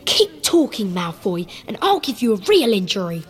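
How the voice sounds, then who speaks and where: A woman's voice: mid-range voice, sing-song, normal speed, voice pushed up, lightly acted. A woman voicing an angry, hot-tempered schoolboy who speaks in jerky bursts.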